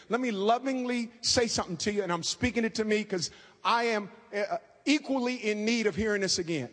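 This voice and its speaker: A man preaching a fervent sermon, talking fast and calling out to the congregation. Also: high-pitched, a bit bright. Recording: long hall reverb.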